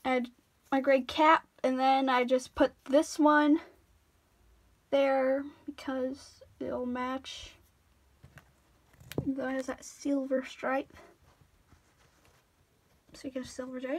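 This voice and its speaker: A woman's voice: high-pitched, little pitch movement, slow, pauses often. A tired young woman rambling in a cartoony voice while she draws, stammering and joking about herself. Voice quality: cartoony put-on voice. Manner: rambling, self-deprecating, stammering restarts. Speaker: drawing tutorial vlogger. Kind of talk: casual drawing commentary.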